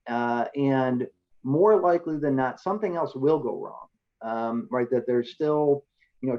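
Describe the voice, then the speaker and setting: A man's voice: medium pitch, dull audio. A male economist giving a slide presentation in a conversational, explanatory way, often checking in with the audience.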